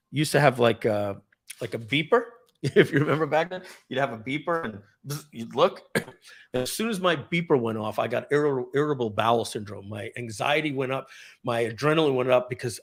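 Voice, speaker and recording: Gravelly ex car dealer guy telling stories on a live video, clears his throat a lot, rambles. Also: mid-range voice, a bit bright. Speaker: former car dealership general manager. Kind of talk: casual storytelling on a live video.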